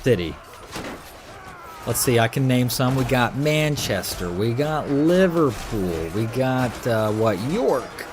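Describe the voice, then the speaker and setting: A man's voice: medium pitch, slow. An American man streaming a game, chatting casually and rambling with his live viewers. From United States. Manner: rambling, easygoing, chatty with many fillers. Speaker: gaming streamer. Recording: steady background noise.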